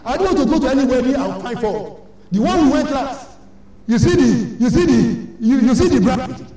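Older nigerian lady preaching, mellow deep-ish tone, scolding and repeating herself, big echoey church heard from afar. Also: lively intonation, normal speed. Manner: emphatic, repetitive, scolding. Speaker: church elder. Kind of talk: sermon exhortation. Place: large church hall. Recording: echoey church hall from far off.

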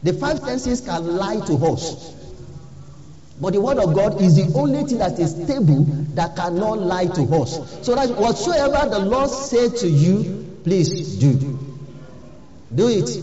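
A man's voice: high-pitched, warm tone. A man preaching a sermon as pastor, earnestly urging his listeners and repeating key phrases. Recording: echoey hall, dull lo-fi sound.

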